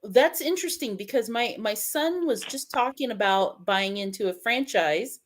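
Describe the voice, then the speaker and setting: A middle-aged woman from the United States chatting casually, lively and quick to laugh while she browses a menu. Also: a little high. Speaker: host. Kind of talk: casual chat.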